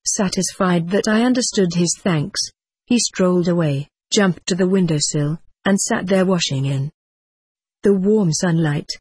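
A reader giving first-person scripted narration of a story in a measured, even manner. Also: medium pitch, slightly rough, no room sound. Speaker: audiobook reader.

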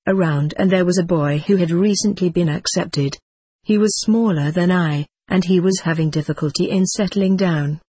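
Husky-voiced audiobook narrator. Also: medium pitch, darkish tone, no echo. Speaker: audiobook reader. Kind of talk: first-person scripted narration.

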